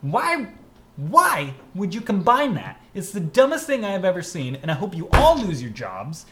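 A man's voice: high voice, wildly swooping pitch, moderate pace, fairly bright tone. A man co-hosting a casual chat, telling a story in an exasperated way and acting out what he said. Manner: exasperated storytelling, acting out his own quoted lines. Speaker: podcast co-host.

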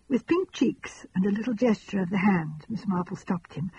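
A woman narrating an audiobook in a soft, measured storytelling manner. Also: on the low side, gravelly, lo-fi sound, slight background noise. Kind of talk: scripted narration.

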